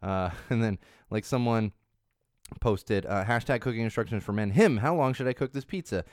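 A man's voice: on the low side, normal speed, a little mellow, no echo, studio quality. A man in his thirties chatting casually about trending topics as a host, rambling and often restarting his sentences. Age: 30s. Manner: chatty, rambling, self-correcting with frequent restarts. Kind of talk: casual chat on social trends.

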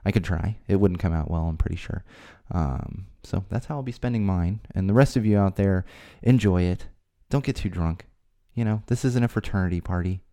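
Male podcast host, lowish mellow voice, exasperated rants that jump up in pitch. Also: normal speed. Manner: exasperated ranting, voice climbing high when worked up. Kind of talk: solo podcast rant. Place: home studio.

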